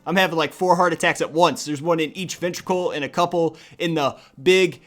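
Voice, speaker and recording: A young man giving crude, joking commentary over a card video game, swinging from low mutters to loud cheering. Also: fairly even intonation, fairly quick. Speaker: gaming YouTuber. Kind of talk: profane gameplay commentary.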